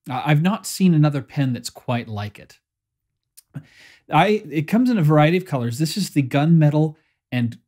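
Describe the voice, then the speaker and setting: A man's voice: medium pitch, darkish tone. Man, young adult, pen reviewer, casual chatty talk, self-deprecating, home studio. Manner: chatty, self-deprecating, frequent fillers and restarts. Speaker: pen reviewer, channel host.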